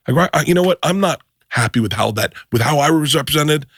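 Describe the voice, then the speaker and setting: A man hosting a podcast, telling a story in a loud, profane, animated way and acting out the other people in it. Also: mid-range voice, quick pace, hardly any pauses, slightly rough, no echo, clean studio sound. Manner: animated, profane, acts out voices in his stories. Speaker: podcast host. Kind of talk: casual storytelling chat.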